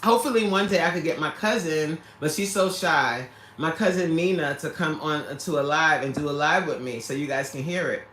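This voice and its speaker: A woman's voice: deep voice, a little fast, hardly any pauses, fairly bright tone, echoey room, slight background noise. A woman hosting a casual livestream who reads out viewer comments, laughing often and talking straight to her viewers. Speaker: livestream host reading chat.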